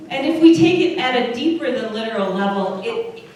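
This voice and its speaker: A woman's voice: a little high, expressive, a little fast, a little mellow, slight background noise. A woman pastor with an Upper Midwest American accent, giving a conversational sermon and asking her congregation questions. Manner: chatty, asks the congregation questions. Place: church service room. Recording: very echoey room, voice from far off.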